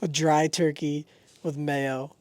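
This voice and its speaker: Young guy cohosting a podcast, kinda high voice, laughs a lot, cusses, dry close sound. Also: takes it slowly, dry recording. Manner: excitable, laughing storyteller, swears freely. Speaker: podcast co-host. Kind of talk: casual chat.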